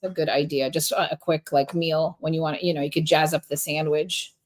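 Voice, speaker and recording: A woman's voice: low-pitched, steady tone, a little fast. Woman co-host, casual chat, rambling, trails off and restarts. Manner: rambling, many restarts and fillers. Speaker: podcast co-host.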